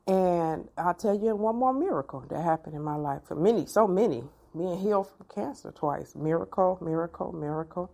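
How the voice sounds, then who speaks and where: A middle-aged woman, telling a personal story to her viewers in an animated, expressive way. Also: fairly low pitch, normal speed, creaky, hardly any pauses. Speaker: vlogger.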